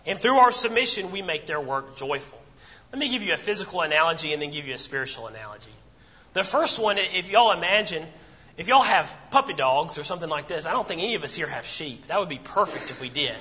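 A man preaches conversationally to a congregation in a church assembly room, posing rhetorical questions and repeating phrases for emphasis. His voice is on the high side, expressive, bright, and forceful at a quick pace, with long church-hall reverb on the recording.

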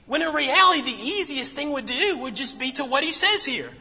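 Guy preaching, bright ringing voice, long church reverb, keeps asking the room questions. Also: very high voice, lively intonation, a little fast, hardly any pauses. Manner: conversational, asks the congregation rhetorical questions, repeats phrases for emphasis. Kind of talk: sermon.

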